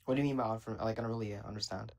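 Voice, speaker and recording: A man's voice: fairly low pitch, steady tone, very fast, gravelly, poor audio. A young man calling into a live debate, talking casually and hesitantly with lots of fillers. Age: young adult. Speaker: caller.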